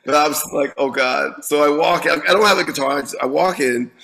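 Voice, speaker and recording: Gravelly-voiced man telling a story. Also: a little high, quick pace, poor audio. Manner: animated, swears freely, repeats words when restarting. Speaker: guest musician. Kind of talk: casual storytelling in an interview.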